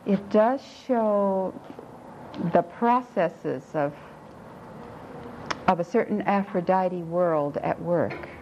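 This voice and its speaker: A woman guides a reflective group discussion at an unhurried pace, her low voice mellow and dark. She pauses and repeats words as she thinks. The tape is muffled and lo-fi, with a faint hiss underneath. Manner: slow, thoughtful, halting with repeated words. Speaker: discussion leader.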